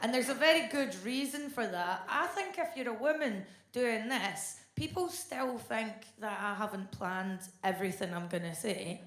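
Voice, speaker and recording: A woman's voice: fairly high pitch, moderate pace, few pauses. Blunt Scottish woman doing stand-up. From Scotland. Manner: blunt, deadpan delivery. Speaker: stand-up comedian. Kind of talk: stand-up comedy set. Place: large theatre stage before a live audience. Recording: echoey live venue with audience laughter.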